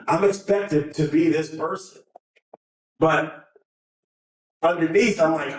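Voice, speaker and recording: A man's voice: fairly high pitch, takes it slowly, pauses often. A middle-aged man giving an emotional, earnest talk to a conference audience, nervous and often restarting his sentences. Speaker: conference speaker. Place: large conference hall. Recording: echoey hall from far off.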